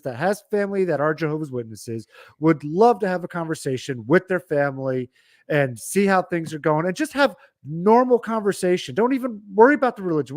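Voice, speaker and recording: A man's voice: sits high, no echo, clean studio sound. A man co-hosting a casual podcast, talking emphatically and with indignation when he makes a point. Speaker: podcast co-host.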